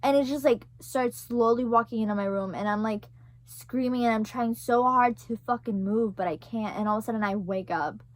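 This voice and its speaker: A young woman vlogger, her voice on the high side, talks at normal speed in a recording free of room sound. She's telling her viewers a rambling, casual story, packed with "like" and "right?" and the occasional swear.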